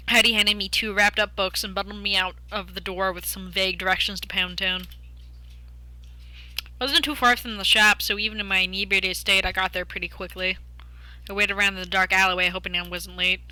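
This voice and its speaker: Bright-voiced streamer woman. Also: mid-range voice, steady tone, fairly quick, no echo. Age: young adult. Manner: jokey, chatty asides. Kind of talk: reading a game aloud while chatting.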